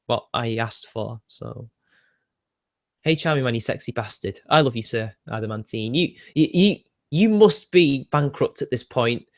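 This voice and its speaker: Young British male streamer, casual, sardonic, laughs a lot, mid-pitched everyday voice. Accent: British English. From Britain. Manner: chatty, sardonic, laughs often, answers viewer questions. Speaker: livestream host reading chat. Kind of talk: casual livestream chat.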